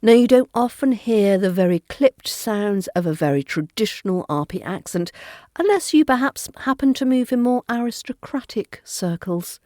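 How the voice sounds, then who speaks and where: British woman w/ soft RP accent teaching on her podcast, mellow voice, lively ups and downs. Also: medium pitch, no room sound, studio quality. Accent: Southern English RP. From Britain. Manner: clear, deliberate teacherly delivery. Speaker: accent coach and podcast host. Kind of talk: scripted podcast lesson.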